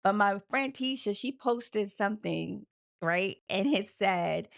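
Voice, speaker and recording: A woman from New York co-hosting a casual live chat, talking fast and laughing often. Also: mid-range voice, lively intonation, vocal fry. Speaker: co-host.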